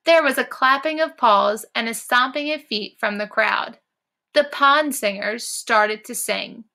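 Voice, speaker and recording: A woman teacher reading a storybook aloud to children, encouraging them and pausing to talk about the characters' feelings. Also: on the high side, creaky. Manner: encouraging, warm praise to young listeners.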